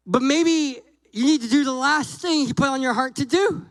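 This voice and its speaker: A man's voice: very high-pitched, normal speed, dry recording, rough recording. A man preaching a sermon as a guest pastor, joking and acting out conversations with God and Moses. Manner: animated, jokey, acts out dialogue with God and Moses.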